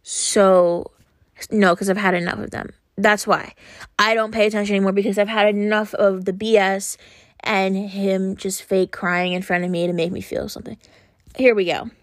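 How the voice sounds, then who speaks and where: A young woman hosting a podcast, talking frankly and earnestly in a casual monologue, often pausing on fillers. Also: medium pitch, little pitch movement, no room sound, studio quality. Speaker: podcast host.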